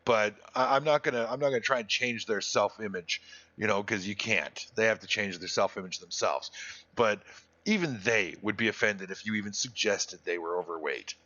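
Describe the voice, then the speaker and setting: A man with a lowish voice talks at a normal speed, his tone sharp and the high frequencies cut off. He's streaming a video game and chatting casually and bluntly, rambling, restarting sentences, and using crude language.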